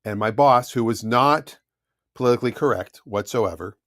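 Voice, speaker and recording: A man's voice: medium pitch, normal speed, a bit bright, no room sound. Dry-sounding middle-aged man telling car stories. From Southern California. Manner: storytelling, joking salesman banter. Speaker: co-host of a car talk stream. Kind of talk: casual chat.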